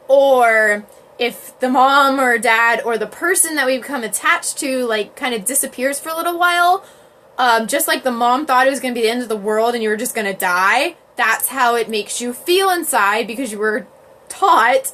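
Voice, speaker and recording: A woman's voice: sits high, normal speed, slight background noise. A woman hosting a live stream, talking casually to her viewers, laughing often and filling her talk with "like". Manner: chatty, laughs often, many "like" fillers; acts out quoted parents and babies in lively voices. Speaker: livestream host.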